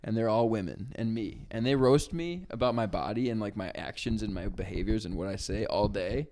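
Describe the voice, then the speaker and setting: A young man co-hosting a casual podcast, an animated storyteller who mimics coworkers and laughs often. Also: on the low side, fairly quick. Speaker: podcast co-host. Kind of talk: casual chat.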